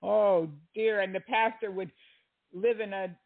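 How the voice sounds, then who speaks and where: A man's voice: sits high, steady tone, unhurried. A male commentator giving exasperated, sarcastic criticism. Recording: tinny phone-like sound.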